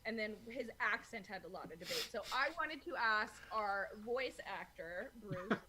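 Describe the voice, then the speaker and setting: A woman's voice: medium pitch, lively intonation, moderate pace. Woman, podcast co-host, casual, lots of "like", faint noise behind. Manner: casual, many "like" fillers. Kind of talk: casual film discussion.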